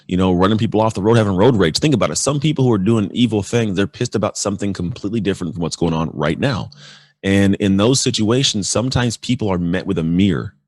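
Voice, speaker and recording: Fast-talking deep-voiced man guest. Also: no echo, clean studio sound. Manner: energetic, acts out quoted exchanges. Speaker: podcast guest. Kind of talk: casual interview talk.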